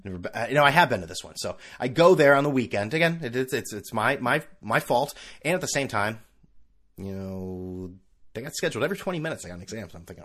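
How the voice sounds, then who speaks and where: A man's voice: mid-range voice, expressive, fast talker, fairly bright tone. A man hosting his own podcast, ranting and joking through a solo monologue with sarcastic asides. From California. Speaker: podcast host.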